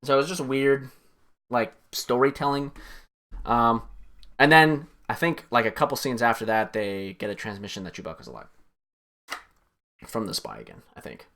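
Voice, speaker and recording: A man giving a rambling, swear-filled casual recap of a film he just watched, his voice jumping up when excited. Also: medium pitch, moderate pace, long pauses. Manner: animated, voice jumps up when excited. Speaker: streamer.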